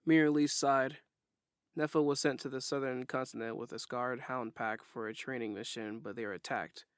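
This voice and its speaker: Guy reading a first-person audiobook, steady and plain, mid pitch, dry audio. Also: fairly quick, dry recording. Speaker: narrator.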